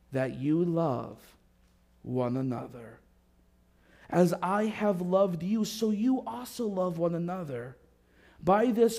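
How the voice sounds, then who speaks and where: A man preaching a sermon as a pastor, telling a story with dramatic rises and drops in volume. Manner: storytelling with dramatic swings in pitch and loudness. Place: church sanctuary.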